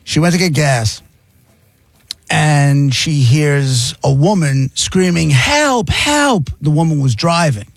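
A man's voice: fairly high pitch, slow pace, creaky, dry recording. A male radio host chatting casually on air, telling a rambling story with restarts.

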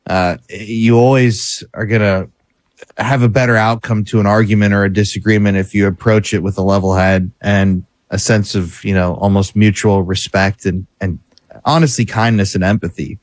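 Man, radio guest, low-ish pitch, dry sound, earnest, gentle, reassuring. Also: fairly even intonation, moderate pace, no echo. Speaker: paranormal guest. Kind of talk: radio interview.

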